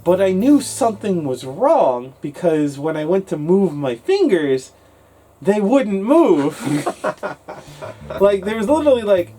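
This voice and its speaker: A man co-hosting a casual English-learning talk show, telling a story in an animated way and acting out his younger self. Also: high-pitched, a little slow, faint music behind.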